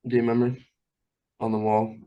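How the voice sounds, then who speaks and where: A young man with a Long Island accent and a somewhat low voice. He chats in a relaxed, easy way as a podcast guest, filling his sentences with "like". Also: brisk, dull audio. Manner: relaxed, chatty, uses lots of "like". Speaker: guest, college wrestler. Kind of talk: casual chat.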